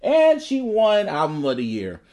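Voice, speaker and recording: A man co-hosting a podcast in casual chat, animated, swearing freely and laughing often. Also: high voice, measured pace. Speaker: podcast co-host.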